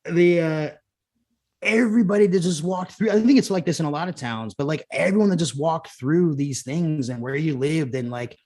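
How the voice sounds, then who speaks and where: A man's voice: a little high, fairly quick, hardly any pauses, dark tone. A man, a former punk musician turned showrunner, telling rambling stories in casual podcast conversation, full of "like" and restarts.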